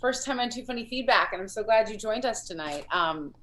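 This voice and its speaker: Female host in her 30s, encouraging comedy feedback over a video call, rambling, mid-pitched voice. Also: lively intonation, a little fast. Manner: warm praise, rambling with fillers and restarts.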